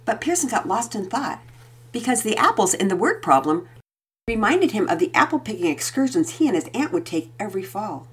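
Breathy, expressive storybook narrator woman. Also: medium pitch, a little fast. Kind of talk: storybook read-aloud narration.

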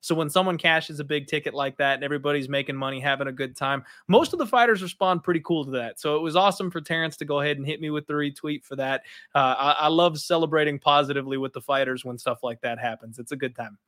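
A man's voice: on the high side, quick pace, a bit bright, dry recording, clean studio sound. A man co-hosting a casual betting podcast, talking in an easygoing, conversational way. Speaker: podcast co-host, betting analyst.

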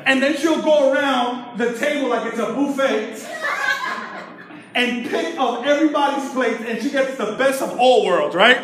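A man preaching to a congregation as pastor, lively and joking, calling out for the crowd to respond. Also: very high voice, moderate pace, background noise. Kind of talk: sermon with humorous stories. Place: church service. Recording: echoey room with music behind.

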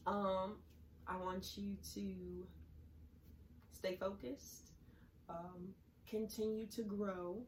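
A woman's voice: mid-range voice, level tone, very slow, pauses often, slight background noise. A young woman with a Southern US accent co-hosting a podcast in casual chat, laid-back and playful. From American South. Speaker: podcast co-host. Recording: echoey room, distant mic.

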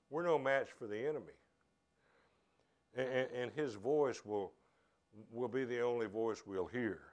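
A man delivering a Sunday sermon as pastor, speaking earnestly and conversationally. He often stumbles and restarts his phrases as he presses a point, his voice sitting at an ordinary middle pitch. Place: church service.

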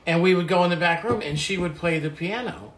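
An older man reflecting on his family history in a relaxed conversation, halting at times as he remembers. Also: sits high. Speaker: guest telling family history. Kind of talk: casual conversation.

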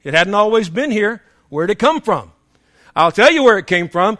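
A man preaching a sermon, emphatic and humorous, swinging between shouting and hushed tones as he tells stories. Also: high voice, very animated, moderate pace, no room sound, clean studio sound. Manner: storytelling with humor.

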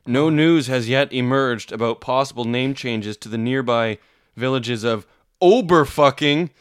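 A man's voice: medium pitch, unhurried, smooth, dry recording, clean studio sound. A man co-hosting a comedy podcast, reading odd news stories aloud and swearing in nearly every line. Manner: reads news aloud with constant swearing, lively. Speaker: podcast co-host. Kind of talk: crude comedic banter.

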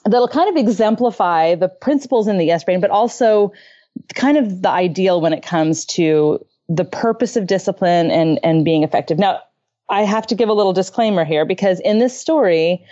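A woman's voice: medium pitch, expressive, normal speed, mellow, dull audio. A middle-aged woman on a parenting podcast, telling a story from home in an earnest, conversational way, laughing often and acting out quotes. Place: home bedroom.

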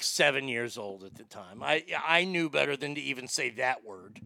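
A man's voice: mid-range voice, expressive, moderate pace, creaky, few pauses, bright, forceful tone, dry recording. A man casually telling candid, profane, rambling stories to a familiar audience. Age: adult. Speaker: storyteller.

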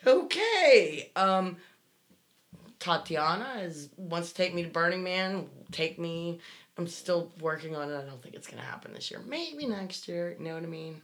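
A woman's voice: fairly low pitch, animated, normal speed, a bit bright. A woman co-hosting a casual podcast, reading listener messages and talking frankly, swearing freely. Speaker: podcast co-host.

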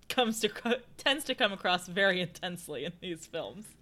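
A woman's voice: lowish voice, animated, normal speed, sharp tone. A young woman co-hosting a podcast in casual chat, giggly and playfully acting out quotes. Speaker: podcast co-host.

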